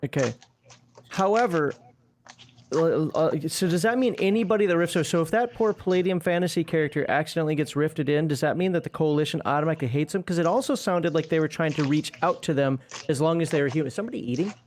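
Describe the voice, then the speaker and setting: A man's voice: on the high side, fast talker, darkish tone, a little hiss or hum. A sick man co-hosting an RPG stream, chatty and full of questions, close to coughing. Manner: inquisitive, chatty. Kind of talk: casual chat.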